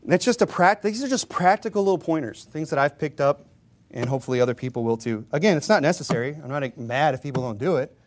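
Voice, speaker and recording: A man's voice: a little high, expressive, fast. A man preaching a sermon in a casual, joking way, acting out doorstep conversations. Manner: self-deprecating humor, chuckles often. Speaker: pastor.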